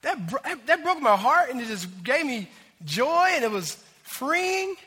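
A man preaching a sermon in an animated, conversational way, talking straight to the congregation. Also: very high voice, a little slow, husky. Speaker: pastor. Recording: long hall reverb.

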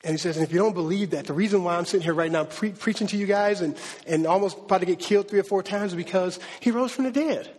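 A man preaching a sermon to his church in a casual, animated way, using slang and acting out quotes. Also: high-pitched, quick pace, hardly any pauses. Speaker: pastor. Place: church hall. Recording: long reverb of a large hall.

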